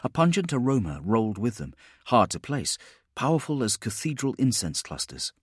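A man giving steady, measured scripted narration of an audiobook. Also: mid-range voice, breathy edge, no room sound, clean studio sound.

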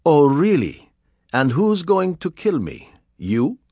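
A man's voice: mid-range voice, very animated, unhurried, a little mellow, dry recording, clean studio sound, voice pushed up. A man reading an audiobook, voicing a suave, threatening male villain who gives orders in a raised, clipped voice. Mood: menacing. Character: smooth menacing male villain, commanding.

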